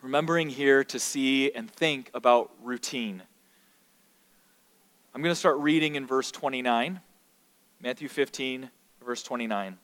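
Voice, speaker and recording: A man's voice: medium pitch, measured pace, pauses often, a bit bright, in a large hall. A man preaching a sermon as pastor, earnest, and stumbling over repeated words when he builds emphasis.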